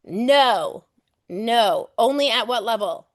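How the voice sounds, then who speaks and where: A woman teaching a live online exam prep class, lively and playful, casual with swearing, acting out everyday examples. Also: on the high side, takes it slowly, dry recording, studio quality.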